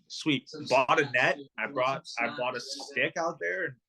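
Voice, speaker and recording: A man's voice: medium pitch, normal speed, vocal fry, a crowd in the background. A young man in his twenties, a professional hockey player, telling rambling stories in a casual podcast interview, full of ums and likes. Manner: rambling, filler-heavy storytelling.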